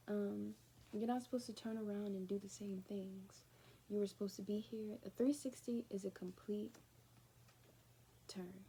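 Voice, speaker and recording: Woman, spiritual card reader, casual and meandering, soft mellow voice with a faint hiss behind. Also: mid-range voice. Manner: rambling and conversational, often dropping to a near-whisper. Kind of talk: casual spoken reading to viewers.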